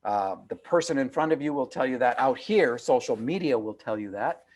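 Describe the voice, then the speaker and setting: Husky-voiced man talking earnestly. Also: mid-range voice, expressive, moderate pace, a little mellow. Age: over 50. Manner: earnest, emphatic, repeats phrases for weight. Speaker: author and guest. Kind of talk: reflective interview talk. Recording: video call.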